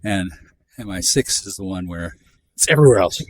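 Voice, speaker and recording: Low-voiced man in his fifties, sardonic profane vlogger on a walk, jumpy delivery. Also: animated, normal speed, no room sound. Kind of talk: rambling monologue while walking. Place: outdoors in a neighborhood.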